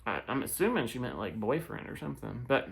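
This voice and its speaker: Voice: medium pitch, sing-song, a little fast, gravelly. An online commentator casually reading posts and comments aloud, often giggling and breaking off into asides and restarts.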